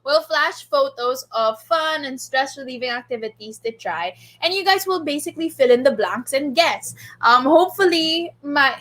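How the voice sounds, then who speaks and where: Filipino woman host, high and bubbly, giggly live-stream banter. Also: lively intonation, moderate pace, hardly any pauses, fairly bright tone. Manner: playful, giggly, code-switching chatter. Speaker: host of a livestreamed show.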